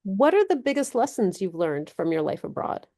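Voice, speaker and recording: A woman interviewer asking her questions in an even, measured way. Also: mid-range voice.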